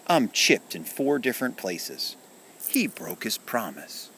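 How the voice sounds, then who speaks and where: A man's voice: mid-range voice, very animated, takes it slowly, fairly bright tone, a little hiss or hum, pitched above the performer's own voice, heavily acted, poor audio. A man voicing a chipped toy soldier, proud and bitter, complaining in a storybook reading. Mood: resentful. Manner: complaining, resentful.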